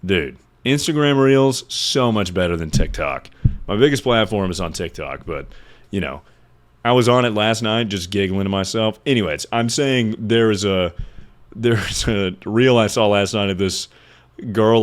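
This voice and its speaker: A man's voice: lowish voice, moderate pace. A man streamer chatting casually to his viewers, rambling and swearing freely as he reacts to confessions. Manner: loose, rambling and profane. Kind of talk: casual livestream chat.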